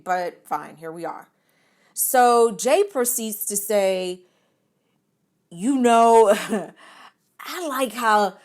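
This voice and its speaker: Woman, comic storyteller, slow-paced, animated, laughs often, middle pitch. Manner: animated, expressive, laughs often, stammers in excitement. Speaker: podcast storyteller.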